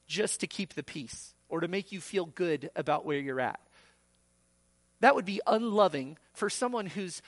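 A man's voice: sits high, animated, moderate pace, a bit bright, dry recording. A man preaching a sermon as pastor, acting out quoted voices and rising sharply for emphasis.

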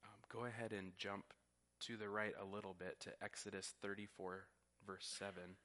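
A man's voice: on the low side, little pitch movement, moderate pace, bright, forceful tone. A man preaching a sermon, teaching earnestly and often repeating words as he goes. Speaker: pastor.

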